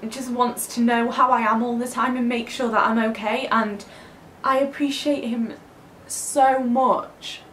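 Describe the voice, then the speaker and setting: Young girl vlogging, open and kinda hesitant, slightly high voice, echoey room. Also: a little hiss or hum. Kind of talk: casual confessional vlog.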